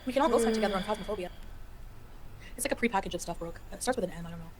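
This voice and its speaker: A woman's voice: medium pitch, darkish tone, slight background noise. A woman in her forties, from Canada, talking casually on a livestream, reading out chat comments and ranting about her critics. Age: 40s. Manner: rapid, chatty, laughing, exasperated rants.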